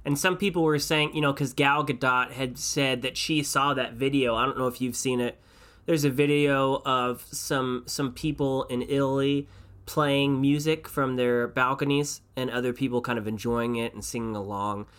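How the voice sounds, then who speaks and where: Animated man ranting casually. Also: medium pitch, moderate pace, smooth. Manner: animated, exasperated ranting with frequent restarts. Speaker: podcast co-host. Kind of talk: casual chat.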